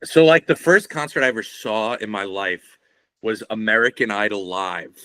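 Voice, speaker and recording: A man's voice: fairly low pitch, normal speed, a bit bright, no echo. A young man, a guest on a podcast, talking in a rambling, laid-back way and swearing often. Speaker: guest, shirt artist. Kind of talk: casual podcast conversation.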